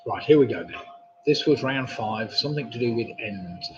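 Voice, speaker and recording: A man's voice: mid-range voice, expressive, moderate pace, noisy background. A man hosting a live pub quiz, reading questions with chatty, jokey asides. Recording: dull lo-fi stream audio.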